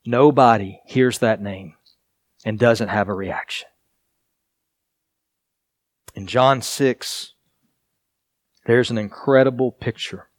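A male pastor delivering a sermon in an earnest, deliberate way, leaning on repetition and pauses for emphasis. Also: mid-range voice, dry recording, studio quality.

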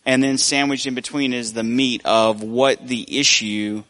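A man's voice: medium pitch, steady tone, a little slow, sharp tone. A man preaching a conversational sermon, telling stories with a shifting pace. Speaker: pastor.

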